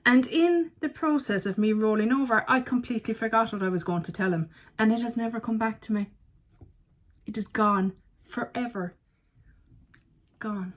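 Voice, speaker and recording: A woman's voice: on the high side, moderate pace. Chatty self-mocking woman. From Ireland. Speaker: beauty vlogger. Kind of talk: casual chat.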